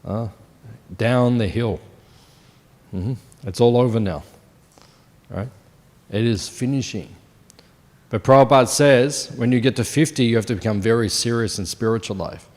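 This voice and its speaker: Speaking at a normal pace in a mid-range, slightly dark voice, a fifty-something man teaches a morning scripture class at a temple. His style is relaxed and chatty, and he keeps questioning the audience. The hall gives a long reverb.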